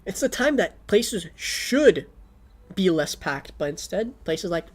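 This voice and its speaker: A woman's voice: on the low side, sing-song, slow, breathy edge. A young woman streaming casually, rambling with a Valley Girl lilt and constant "like", her throat a little sore. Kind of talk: casual livestream chat.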